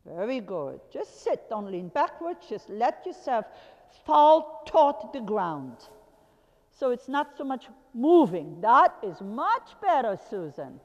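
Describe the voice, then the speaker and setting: A woman's voice: fairly high pitch, big pitch swings, slow pace, a little mellow, lo-fi sound. A woman coaching a rider, calling out short repeated commands and laughing now and then. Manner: commanding, repetitive short calls, occasional laughs. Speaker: riding instructor. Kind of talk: coaching a rider from the arena floor. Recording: long hall reverb.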